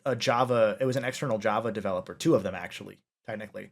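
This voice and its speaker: A man hosting a podcast interview, asking detailed questions eagerly and reassuring his guest with quick affirmations. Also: on the low side, creaky. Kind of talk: casual interview chat.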